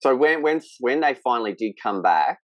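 A man, speaking as a podcast guest in candid conversation, halting and emotional with frequent restarts. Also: medium pitch, expressive, no room sound.

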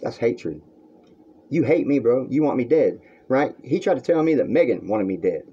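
Very animated at a normal speed, this vlogger has a mellow, medium-pitched voice with a breathy edge. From a room at home, he rants to camera in a crude, rambling, heated monologue, recorded in dull lo-fi.

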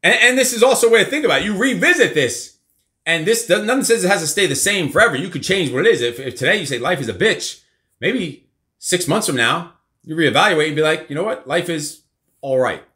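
Lively, bright-voiced joking dad host. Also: male voice, fairly high pitch, a little fast. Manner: profane, joking, loud bursts. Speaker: podcast host and father. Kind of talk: casual live show chat.

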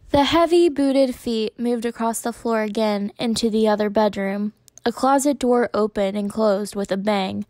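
A woman's voice: medium pitch, normal speed, darkish tone, no echo. Woman reading a story aloud. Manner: gives the characters small voice shifts, mostly in her own voice.

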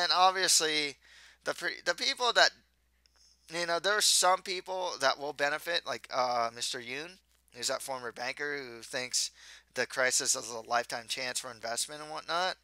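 A man's voice: medium pitch, sharp tone, clean tone, no echo. A man giving a casual, rambling spoken movie review, often restarting his sentences. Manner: rambling, with frequent restarts and stumbles.

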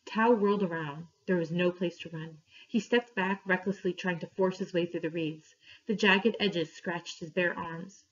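A woman reading a story aloud to her class, clear and steady, pausing for questions. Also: lowish voice. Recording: dull lo-fi recording.

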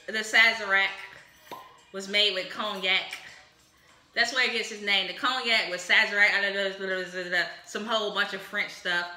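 Bright-voiced, rambling comedic woman host. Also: medium pitch. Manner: exuberant, rambling, whooping. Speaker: comedy cocktail show host. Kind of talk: casual comedic chat while mixing drinks. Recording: echoey room.

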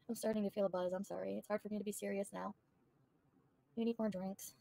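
A woman's voice: medium pitch, flat delivery, quick pace, creaky, long pauses, mellow, no echo. A woman livestreaming, bluntly and profanely venting to her chat. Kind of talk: casual livestream rant to chat.

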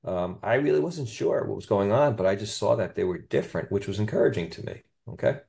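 Low, gravelly-voiced man telling a story. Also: expressive, quick pace, darkish tone. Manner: enthusiastic, peppers speech with "you know" and "okay?". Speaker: chiropractor guest. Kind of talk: storytelling in a podcast interview.

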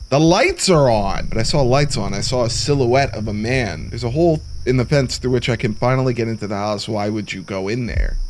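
A man casually commenting on a horror game as he plays, jumpy and talking to himself, with lots of "bro" and "dude". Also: medium pitch. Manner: jumpy, reacts aloud, talks to himself, says bro and dude. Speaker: horror game let's player.

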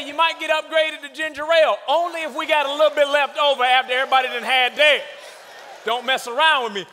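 A man preaching a comedic sermon in a large church hall, telling animated stories about his kids with shouted punchlines. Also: very high-pitched, fast, a little hiss or hum. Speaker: guest preacher. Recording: long hall reverb.

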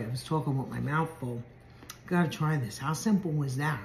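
A woman's voice: deep voice, moderate pace, reverberant, slight background noise. A woman walking through a simple recipe step by step in a chatty home cooking video. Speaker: home cook. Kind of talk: casual cooking demonstration.

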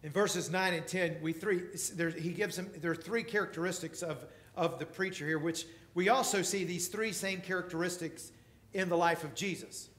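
A male pastor preaching a sermon, emphatic, swinging between loud passages and quiet ones. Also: sits high, steady tone, moderate pace, reverberant. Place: church.

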